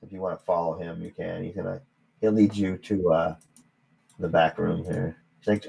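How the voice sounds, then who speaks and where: A man's voice: low-pitched, fairly even intonation, moderate pace, gravelly, warm tone, poor audio. A man running a tabletop game as game master, narrating casually with fillers.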